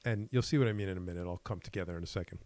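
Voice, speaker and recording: A man with a lowish voice talks things over on a podcast. He works out his ideas as he goes, halting and restarting. The sound is dry and close to the mic. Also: a little mellow, no echo. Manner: thinking aloud, halting with restarts. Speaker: podcast host. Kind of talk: casual chat.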